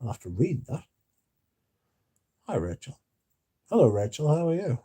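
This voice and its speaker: Sleepy man, dark husky voice. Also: mid-range voice, big pitch swings, moderate pace, pauses often. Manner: drowsy, yawning, mumbles at times. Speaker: livestream host reading chat. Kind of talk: casual rambling chat.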